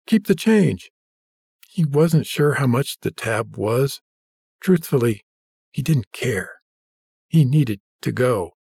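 A man narrates a story at an even, measured pace. His voice has a husky edge, and the recording is dry and close with no room sound. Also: mid-range voice, no echo. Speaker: audiobook narrator. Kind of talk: scripted narration.

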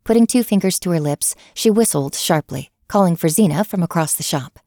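A woman narrating a story in a measured, even manner, recorded close on a studio mic. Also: fairly low pitch, dry recording. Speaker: audiobook narrator. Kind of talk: scripted narration.

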